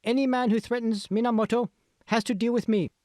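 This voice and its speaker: A coy, theatrical young woman in cosplay, speaking with a Japanese accent in a pitched-up voice far above the reader's own, as a man puts her on. It is an audiobook read in a dry, close room. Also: fairly even intonation, brisk, darkish tone, no echo.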